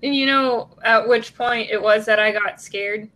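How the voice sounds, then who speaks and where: A woman co-hosting a podcast, chatting casually with slow, deadpan jokes. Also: on the high side. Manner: slow, deadpan, jokey bravado. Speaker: podcast co-host. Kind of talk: casual chat.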